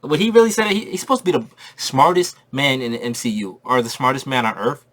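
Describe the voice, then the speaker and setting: A man giving a casual spoiler review of a movie, excitable and slangy, repeating his points for emphasis. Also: mid-range voice, fast talker.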